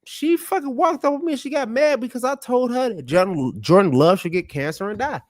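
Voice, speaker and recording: A man telling a story in casual podcast chat, loud and profane, animated, with sudden drops to mutters. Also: extremely high pitch, brisk, no echo, studio quality. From United States.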